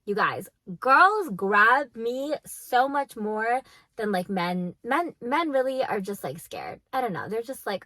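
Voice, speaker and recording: A woman's voice: a little high, big pitch swings, slow pace, bright, forceful tone, no room sound. A woman in her twenties telling a dating story to her viewers in casual storytime chat, giggly and full of "like". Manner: chatty, giggly, heavy on "like". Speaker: vlogger.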